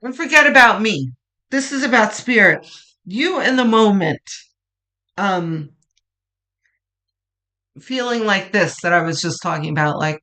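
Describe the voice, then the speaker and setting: A tarot reader offers a pick-a-card reading in a soft, comforting manner, with frequent restarts and gently fading sentences. Medium in pitch, the delivery is slow and full of pauses.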